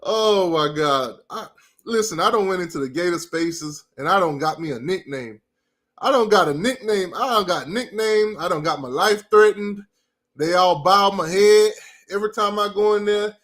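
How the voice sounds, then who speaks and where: Brash high-voiced man ranting about football. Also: animated, normal speed, a bit bright. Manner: brash trash-talking, repeats his jabs. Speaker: college football fan commentator. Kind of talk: ranting sports commentary.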